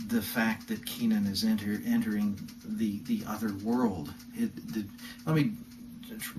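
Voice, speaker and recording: A male lecturer in a recorded video talk, speaking thoughtfully with frequent fillers and self-corrections, in a room he calls not ideal. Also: fairly low pitch. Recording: distant mic, noisy room.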